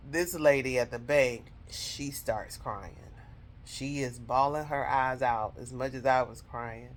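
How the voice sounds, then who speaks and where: A woman's voice: very deep voice, slow, slight background noise. Woman telling a heartfelt personal story. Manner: emotional, heartfelt, addresses viewers directly. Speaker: vlogger telling her own story.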